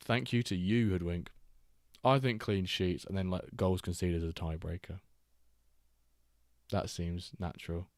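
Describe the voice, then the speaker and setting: A man's voice: low-pitched, unhurried, long pauses, no room sound. Stream co-host, male, dry close sound, banters and swears, flares up on big moments. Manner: bantering, swears freely, bursts into excited match calls. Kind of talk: casual live-stream watchalong chat.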